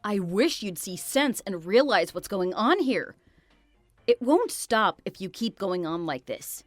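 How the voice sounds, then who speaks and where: A woman's voice: mid-range voice, very animated, measured pace, dry recording, faint music behind. A woman's text-to-speech voice playing a blunt, pushy friend who urges her to leave. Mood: blunt, urging. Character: blunt, protective female friend.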